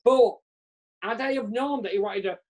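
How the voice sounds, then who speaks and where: A man's voice: high-pitched, normal speed, darkish tone. A man who is a comedian, chatting candidly as an interview guest over a video call, rambling and self-deprecating and trailing off mid-sentence. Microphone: remote video call.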